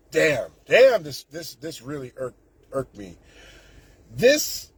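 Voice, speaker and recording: A man's voice: mid-range voice, very animated, extremely slow, slightly rough. A man, ranting indignantly and sarcastically as a political commentator, with frequent restarts. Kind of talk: casual political rant.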